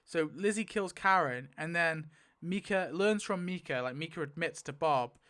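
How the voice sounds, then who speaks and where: A man thinking aloud in casual commentary as he spins a wheel to rewrite a story, swinging to loud outbursts. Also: fairly high pitch, moderate pace. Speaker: YouTuber.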